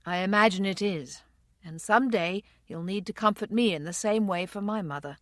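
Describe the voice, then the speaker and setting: A woman reading a steady, devoted husband. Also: mid-range voice, moderate pace, dry recording, studio quality, close to an everyday voice. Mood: reassuring. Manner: steady, reassuring. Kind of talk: audiobook character reading.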